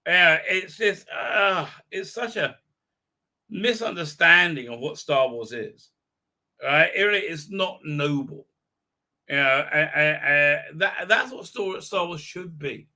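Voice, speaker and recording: Bright-voiced rambling man. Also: a little high, slow. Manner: rambling, exasperated, crude, many fillers. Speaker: livestream host. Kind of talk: livestream fan commentary.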